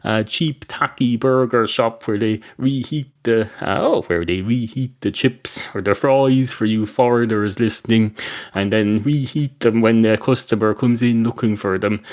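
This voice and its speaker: A tipsy male talking cat propped up at a pub bar, answering with wry, sarcastic comebacks, as an Irish man puts him on. The voice sits low, with an Irish lilt and dry timing. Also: unhurried, close to an everyday voice. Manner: wry, dry-witted retorts.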